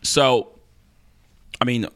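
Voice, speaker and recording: A man's voice: medium pitch, extremely slow, a bit bright, no room sound. A man hosting a casual interview, often repeating words and thinking aloud as he asks questions. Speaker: interview host.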